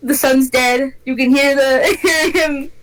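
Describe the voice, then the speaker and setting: A woman's voice: high-pitched, steady tone, takes it slowly, poor audio. A woman co-hosting a podcast in casual chat, giggling often and reading rhyme lyrics aloud. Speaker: podcast co-host.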